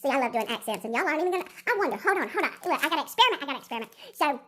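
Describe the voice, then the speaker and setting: A woman's voice: high-pitched, lively intonation, very fast, few pauses, bright, forceful tone. Sped-up chipmunk woman vlogger. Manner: chatty, counts aloud, self-teasing. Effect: sped-up chipmunk playback. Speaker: diamond painting vlogger. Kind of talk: casual unboxing chat.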